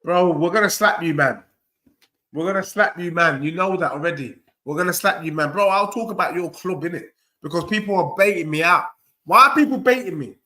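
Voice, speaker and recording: A young man hosts a football watchalong, trash-talking and replying straight to his chat with a cocky attitude. His voice sits high and bright with a forceful edge, and he talks a little fast.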